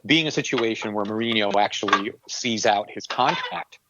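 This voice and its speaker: A man's voice: on the low side, normal speed, background noise. A man co-hosting a casual sports podcast, sharing skeptical, opinionated views while thinking aloud. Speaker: podcast co-host. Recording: dull, dry home recording.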